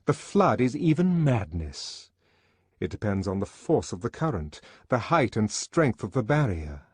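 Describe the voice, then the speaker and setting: A man reading an audiobook aloud with an expressive, dramatic delivery, recorded close and dry. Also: lowish voice, breathy edge, dry recording. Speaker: audiobook narrator.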